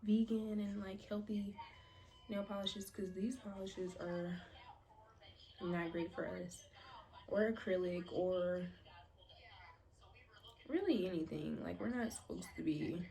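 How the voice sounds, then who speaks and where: A woman's voice: fairly low pitch, fairly even intonation, takes it slowly, creaky, pauses often, dark tone. Chatty young woman, slangy, half-whispering. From United States. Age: 20s. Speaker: beauty vlogger. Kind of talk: casual chat while doing her toenails.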